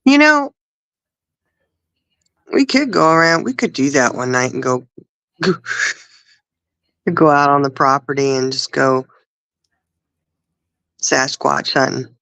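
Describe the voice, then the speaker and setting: A woman's voice: sits low, expressive, slow pace, creaky, pauses often, fairly bright tone, no room sound, poor audio. A woman co-hosting a casual livestream chat, telling stories and laughing often. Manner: giggly storyteller, laughs often. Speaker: livestream co-host.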